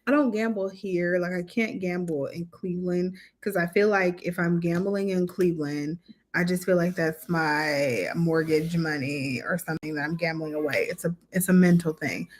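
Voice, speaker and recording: A woman's voice: on the low side, steady tone, normal speed. A woman in her forties co-hosting a casual live chat, candid and laid-back as she teases back at her husband. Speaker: co-host of a couple's channel.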